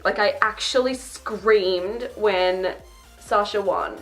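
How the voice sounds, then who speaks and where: A woman's voice: mid-range voice, big pitch swings, measured pace, faint music behind. A young woman, chatting casually and self-deprecatingly while doing her makeup on camera. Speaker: beauty vlogger.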